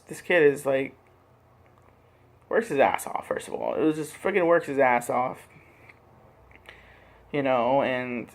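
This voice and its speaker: A man speaking in a halting, earnest personal vlog monologue, repeating words and swearing as he makes his point. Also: fairly high pitch, gravelly. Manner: earnest, impassioned. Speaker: vlogger.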